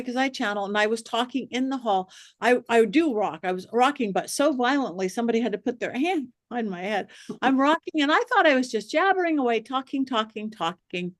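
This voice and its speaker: Lively woman medium telling stories. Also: a little high, no echo, studio quality. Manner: lively, acts out quoted voices. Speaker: guest psychic medium. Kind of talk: animated storytelling in a podcast interview.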